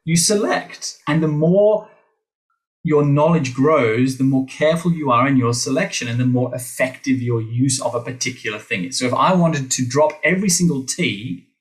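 A man's voice: mid-range voice, normal speed, low-quality recording. A middle-aged Australian man, a voice teacher, talking animatedly in a podcast interview, with playful asides to the listeners. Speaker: guest, voice teacher.

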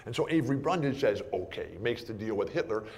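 A man telling lively anecdotes in conversation, often laughing and acting out what others said. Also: medium pitch, quick pace. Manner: animated anecdotes, laughs often, acts out quotes. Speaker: broadcaster. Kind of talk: storytelling in conversation.

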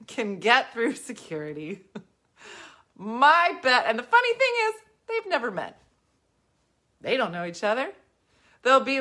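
Animated bright-voiced woman comedian. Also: fairly high pitch. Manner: animated, laughs often, sound-effect riffs. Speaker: comedian telling a story on a talk show. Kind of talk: animated comic storytelling.

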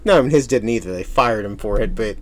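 A man's voice: lowish voice, animated, fast. A man co-hosting a casual movie review chat, opinionated and wry, fond of acting out scenes. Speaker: podcast co-host reviewing a movie.

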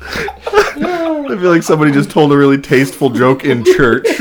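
A man's voice: a little high, heavy background noise. A man co-hosting a casual podcast, playful and teasing, who laughs easily. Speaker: podcast co-host.

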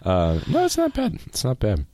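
A man's voice: medium pitch, wildly swooping pitch, moderate pace, warm tone, dry recording. A man co-hosting a casual podcast, rambling and joking, speaking after a few drinks in a small home studio. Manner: rambling, jokey, laughs often. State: has been drinking. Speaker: podcast co-host. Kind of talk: casual chat. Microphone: podcast mic.

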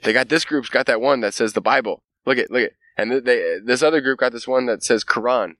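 A man's voice: mid-range voice, fairly quick, a bit bright, dry recording, voice pushed up, close to an everyday voice. A man voicing a group of mocking aliens who sneer at humans with profane disbelief.

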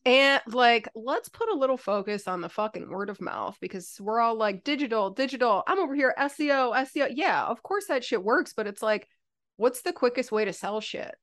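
A woman's voice: on the high side, animated, normal speed, fairly bright tone. A woman hosting a casual podcast, talking bluntly and animatedly with frequent swearing. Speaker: podcast host.

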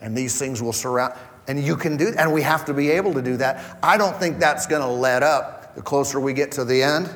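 A man's voice: mid-range voice, a bit bright, in a large hall. A man preaching a conversational sermon as pastor, acting out quoted voices as he goes. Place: church hall.

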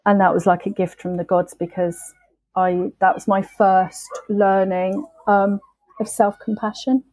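A woman on a podcast, telling her sobriety story in a candid, emotional, halting way. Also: medium pitch, level tone, darkish tone, no room sound, low-quality recording. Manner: emotional, halting, with frequent restarts and swearing.

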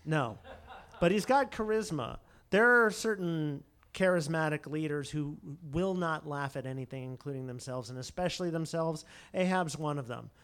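A lively, joking man telling stories. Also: on the high side, moderate pace, clear, resonant tone. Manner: digressive, jokey storyteller acting out quotes. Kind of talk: casual chat.

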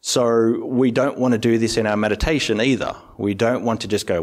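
A male Buddhist monk giving a calm, explanatory meditation talk with everyday analogies. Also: medium pitch, brisk.

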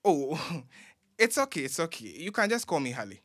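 A man's voice: on the high side, very animated, moderate pace, background noise. An actor playing an eager young man, chatty and fawning.

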